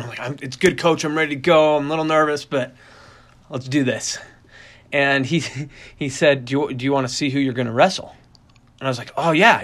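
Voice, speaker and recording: Young male storyteller, slightly high voice, animated and chatty, laughs easily. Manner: animated, laughing, lots of fillers and restarts. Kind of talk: personal storytelling.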